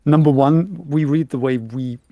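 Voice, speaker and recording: A man from Germany with a Bavarian German accent, chatting casually as a podcast co-host, halting and restarting often. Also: on the high side, no room sound, muffled recording. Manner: halting, many restarts and repeated words. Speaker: podcast co-host and audiobook narrator. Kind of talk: casual chat.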